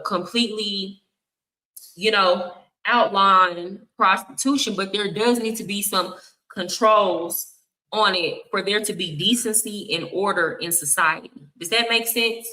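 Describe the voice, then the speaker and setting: A woman's voice: medium pitch, sharp tone, rough recording. A woman from Texas with a Texan accent, giving blunt, sassy live reaction commentary straight to her viewers. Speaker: streamer reacting to clips.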